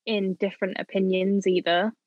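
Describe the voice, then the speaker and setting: A woman co-hosting a casual chat, talking quickly and emphatically with lots of "like". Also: mid-range voice, little pitch movement, no echo, highs cut off. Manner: quick, emphatic, says "literally" and "like" often. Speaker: podcast co-host.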